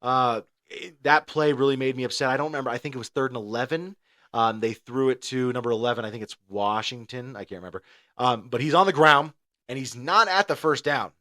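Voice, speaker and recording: Male podcast co-host, casual sports chat, animated, gets loud when riled. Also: mid-range voice, fairly quick.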